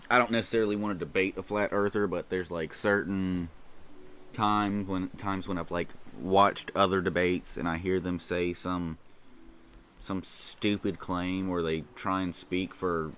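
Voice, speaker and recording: A man with a very low voice hosts a casual livestream. He chats loosely over market charts and thinks aloud. His speech is rambling and full of restarts. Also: steady tone, measured pace, a bit bright, a little hiss or hum. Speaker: livestream host. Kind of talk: casual live-stream chat over stock charts.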